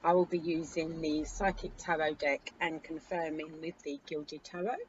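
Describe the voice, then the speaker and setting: A woman hosting a casual tarot reading, chatting in a relaxed way with frequent ums. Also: sits low, normal speed, lo-fi sound, slight background noise. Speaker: tarot reader.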